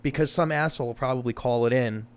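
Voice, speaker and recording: A man in casual chat, cutting in with quick reactions and swearing. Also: medium pitch, smooth.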